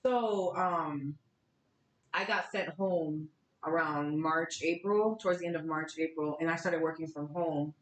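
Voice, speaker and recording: A woman in her thirties hosting a podcast, telling stories in a chatty, animated way. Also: low-pitched, a little slow, a little hiss or hum. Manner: chatty, animated storytelling with laughs. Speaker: podcast host. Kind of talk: casual chat. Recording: roomy, echoey sound.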